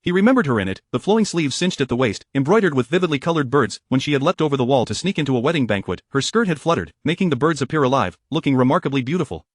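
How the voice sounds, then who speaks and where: A man reading a romance story aloud as narrator, in a steady, even voice. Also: medium pitch, racing, hardly any pauses, no room sound, studio quality.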